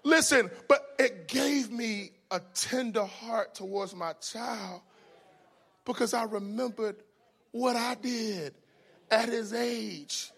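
A man preaching a sermon in an animated way, telling funny stories and swinging between loud exclamations and hushed asides. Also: high-pitched, slow, gravelly, breathy edge. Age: adult with children. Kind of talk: sermon with humorous storytelling.

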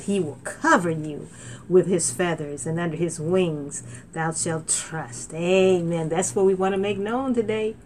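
A middle-aged woman preaching a sermon as a minister, talking loosely with fillers and restarts and rising to excited exclaims. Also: fairly low pitch, slight background noise. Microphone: laptop.

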